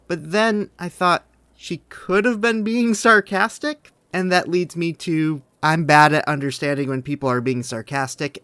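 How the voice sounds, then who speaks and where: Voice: mid-range voice, fairly bright tone, clear, resonant tone, no echo. A podcast co-host chatting casually and eagerly, thinking aloud about details of a book. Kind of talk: casual chat.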